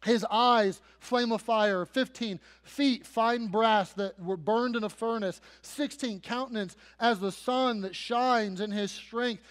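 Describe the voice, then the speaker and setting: Man, pastor, sermon, high voice, dramatic storytelling, long hall reverb. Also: takes it slowly, few pauses. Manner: dramatic storytelling, dips soft then builds to loud emphasis.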